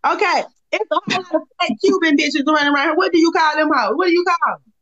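A woman's voice: very high-pitched, fast talker, a bit bright. A woman hosting a casual livestream, talking in a blunt, profane and taunting way. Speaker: livestream host. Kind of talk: heated casual livestream talk. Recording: lo-fi livestream audio.

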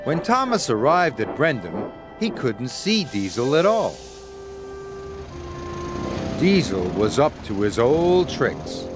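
Slow, lively-toned male storyteller. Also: mid-range voice. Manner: expressive, measured storytelling. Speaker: narrator. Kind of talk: storybook narration. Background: background music.

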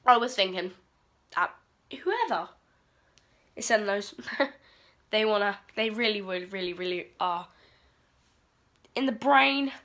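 A woman's voice: medium pitch, lively intonation, unhurried, long pauses, fairly bright tone. A teenage girl rambling through a sweary, exasperated vlog rant. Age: teens. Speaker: vlogger. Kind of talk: casual ranting vlog.

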